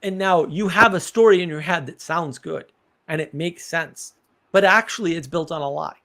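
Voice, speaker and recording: A man's voice: a little high, normal speed, a bit bright. Man hosting a casual live stream. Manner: thoughtful, explaining with examples.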